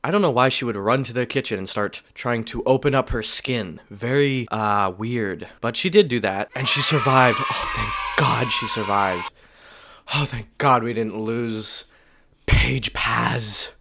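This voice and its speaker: A man's voice: mid-range voice, measured pace, background noise. Sarcastic, foul-mouthed man ranting. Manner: crude, sarcastic, rambling with frequent swearing. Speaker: commentary YouTuber. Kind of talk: casual cartoon commentary vlog.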